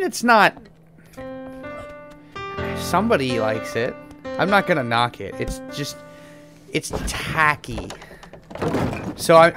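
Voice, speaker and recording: A person casually commenting on someone's video game play, giggly, rambling and playfully foul-mouthed over game music. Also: mid-range voice. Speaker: gamer watching and commenting.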